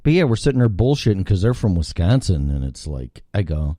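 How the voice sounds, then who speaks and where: A man's voice: low-pitched, very animated, brisk, few pauses, dark tone, no room sound. A man hosting a live talk show, rambling sarcastically and swearing freely. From Midwest. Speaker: host.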